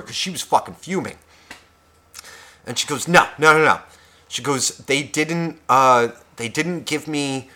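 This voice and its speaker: A man co-hosting a podcast, telling a rambling story with constant swearing and acting out the people in it. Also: mid-range voice. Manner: animated, swears constantly, acts out other people's lines. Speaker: podcast co-host. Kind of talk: profane storytelling rant.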